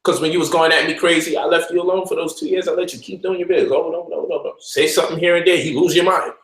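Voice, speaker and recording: A man hosting a casual livestream, lecturing and mocking by turns in an animated way. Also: on the high side, fast talker, reverberant, low-quality recording. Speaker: host.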